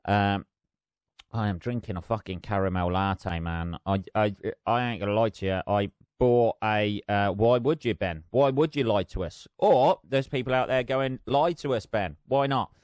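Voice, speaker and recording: Man, middle-aged, podcast host, rambling and sweary, lowish voice, smooth, dry close sound. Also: moderate pace, darkish tone, no room sound. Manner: rambling, sweary, self-mocking. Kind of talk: casual solo podcast chat.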